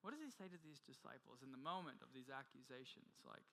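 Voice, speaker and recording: A male pastor preaching a sermon with passion, swinging from loud urgency to hushed intensity and often restarting his phrases. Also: medium pitch, expressive, fast talker, vocal fry, low-quality recording. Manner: frequent repeated restarts. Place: church.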